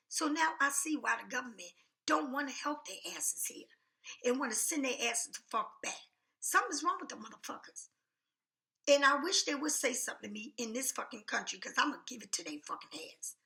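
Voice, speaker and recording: High, gravelly-voiced woman ranting. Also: pushed and bright. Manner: angry, blunt, heavy swearing. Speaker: vlogger. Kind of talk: profane storytelling rant.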